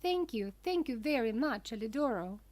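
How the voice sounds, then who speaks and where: A woman doing a high, eager wooden puppet boy. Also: expressive, moderate pace, a little mellow, natural voice. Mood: grateful.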